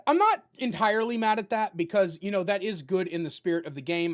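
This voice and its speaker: A man giving a casual spoken video game review, talking loudly with jokes and animated delivery. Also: sits high, brisk. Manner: loud, animated and joking.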